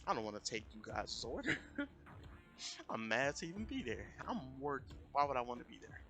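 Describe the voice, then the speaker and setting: A man telling a story in a casual, animated rant on a live stream, often jumping into raised voices to quote people. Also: mid-range voice, normal speed. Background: music.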